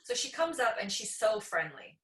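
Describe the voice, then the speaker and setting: A Canadian woman in her thirties, a podcast guest, telling lively stories in casual conversation and laughing often. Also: on the high side, normal speed. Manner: animated storyteller, laughs often. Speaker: podcast guest, jiu-jitsu black belt. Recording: echoey room.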